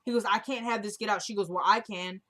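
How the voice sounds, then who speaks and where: A woman's voice: mid-range voice, fairly even intonation, fast talker, fairly bright tone. Chatty woman retelling a TV episode. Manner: retells scenes line by line with "she goes"; chatty, informal slang. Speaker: TV show recap vlogger. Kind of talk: casual episode recap.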